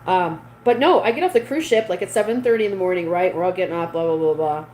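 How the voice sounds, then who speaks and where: A woman's voice: fairly low pitch, fast talker, a little mellow, a little hiss or hum, rough recording. A woman hosting a casual livestream, chatting with viewers and reading their comments aloud. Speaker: livestream host. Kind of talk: casual live chat with viewers.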